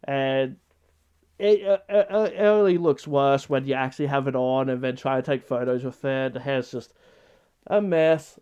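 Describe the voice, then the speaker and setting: A man's voice: a little high, mellow, smooth, muffled recording. A man vlogging in an unscripted casual chat, rambling and hesitant with many restarts.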